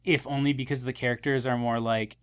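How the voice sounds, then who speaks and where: Animated young man retelling scenes. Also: mid-range voice, fairly quick, smooth. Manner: animated retelling with acted quotes and frequent laughs. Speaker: podcast co-host. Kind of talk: casual film chat.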